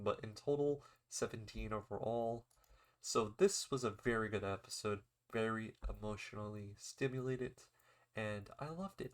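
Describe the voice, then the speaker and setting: A man's voice: lowish voice, fairly bright tone. A young man casually recapping an anime episode, rambling with lots of fillers and acting out the characters' lines. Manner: rambling, filler-heavy retelling with acted-out quotes.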